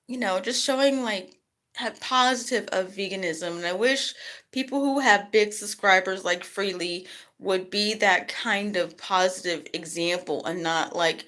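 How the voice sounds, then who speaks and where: A middle-aged woman talking casually to camera in a vlog, chatty and rambling, and she jumps her voice up high when quoting other people. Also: unhurried, fairly bright tone. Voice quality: rambling, chatty, lots of "you know". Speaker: vlogger.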